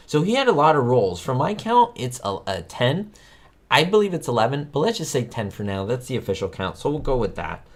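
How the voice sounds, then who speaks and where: Lively, rambling male trivia host. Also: mid-range voice. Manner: rambling, excitable, talks to viewers. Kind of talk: casual livestream chat.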